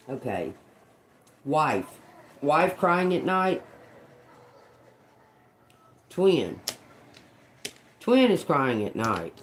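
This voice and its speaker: A woman's voice: sits low, slight background noise. A woman streaming live as a psychic reader, muttering single words over and over, puzzled and swearing at what she hears. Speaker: tarot and oracle live streamer.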